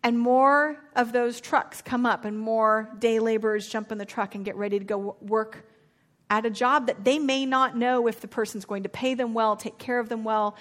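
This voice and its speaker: A woman preacher teaches from the pulpit loosely and chattily, slipping into casual slang as she acts out a parable's characters. Her slightly high voice moves at a moderate pace, shifting between explanation and animated retelling.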